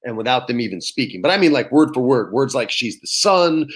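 A man, an actor, telling a story in casual chat, lively and swearing freely as he acts out quotes. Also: medium pitch, a little fast. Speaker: actor guest.

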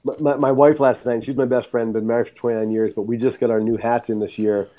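A man in his fifties, a high school football coach, talking in an upbeat, encouraging way as a podcast guest. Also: little pitch movement, fast talker, mellow. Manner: upbeat, encouraging, easy agreement. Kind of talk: casual podcast interview.

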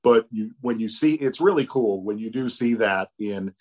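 A man speaking reflectively in a casual chat, pausing and restarting as he gathers his thoughts. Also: fairly low pitch, darkish tone. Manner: reflective, halting with fillers. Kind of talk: casual conversation.

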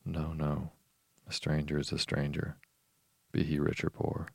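Surly farmhouse master, read by a man: very deep, husky, dry close sound. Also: completely flat delivery, a little slow, no room sound, full character voice. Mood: stern. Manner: curt, unmannerly.

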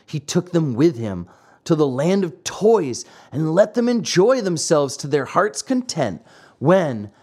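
A man reading a classic fairy tale aloud, dramatic and expressive. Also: a little high, unhurried, slightly rough. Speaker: narrator. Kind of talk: storybook reading.

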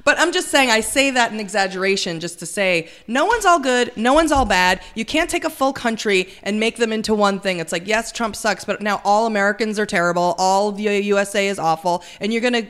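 A woman co-hosting a podcast, chatting about politics in an animated, opinionated way and laughing often. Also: medium pitch, brisk, hardly any pauses, clean tone. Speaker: podcast co-host. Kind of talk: casual political banter.

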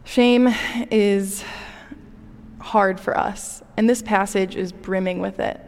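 A woman's voice: medium pitch, fairly even intonation, takes it slowly, a little mellow. Woman preaching in a reverberant hall. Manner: conversational, relatable preaching with personal anecdotes. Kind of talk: sermon.

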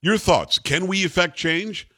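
A man's voice: sits high, unhurried. Emphatic male talk radio host. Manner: emphatic, animated, mocking voices. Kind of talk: opinionated talk radio monologue.

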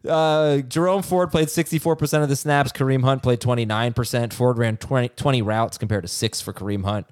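A man co-hosting a casual fantasy football podcast, brisk and teasing, with frequent "uh" fillers. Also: medium pitch, fairly even intonation, darkish tone, no room sound, clean studio sound. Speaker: podcast co-host.

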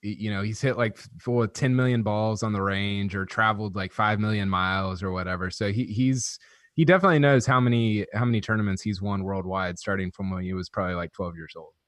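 Lower-voiced golf writer, wry and chatty. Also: male voice, steady tone, a little fast, a bit bright, no echo, studio quality. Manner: stammering starts, wry and chatty. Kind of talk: casual podcast chat.

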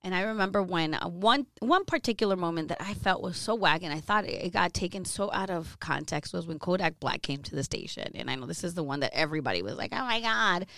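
A woman radio host telling candid stories in a casual interview, animated and peppered with "you know what I mean" and swearing. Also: lowish voice, fast talker, few pauses, no echo, clean studio sound. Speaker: radio host, guest on a podcast.

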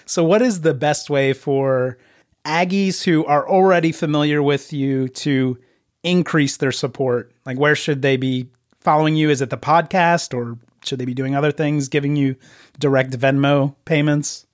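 A man hosting a casual podcast interview, chatty and quick to laugh. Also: fairly high pitch, fairly even intonation. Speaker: podcast host.

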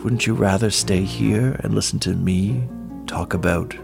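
A man plays a preening, self-absorbed showman who boasts in a low, gravelly voice. He is pompous and grand, and a guitar plays behind him. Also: measured pace. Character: vain, self-absorbed male show host character. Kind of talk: comedic sponsor-style ad read. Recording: music bed underneath. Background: guitar music.

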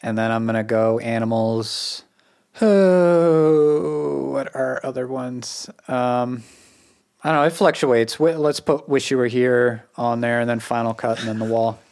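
A man hosting a casual music podcast, talking in quick animated bursts full of "like" fillers. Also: medium pitch. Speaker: podcast host. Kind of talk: casual chat.

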